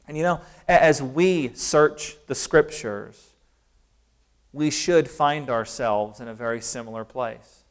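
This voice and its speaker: Male preacher, medium pitch, smooth resonant voice, earnest sermon delivery with slowed emphasis. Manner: earnest, emphatic preaching with slow stressed phrases.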